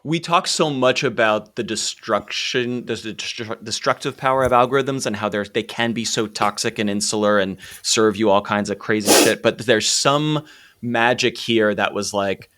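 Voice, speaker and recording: Deep-voiced male podcast host. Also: normal speed. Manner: reflective, casual swearing, softens when moved. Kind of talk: conversational interview.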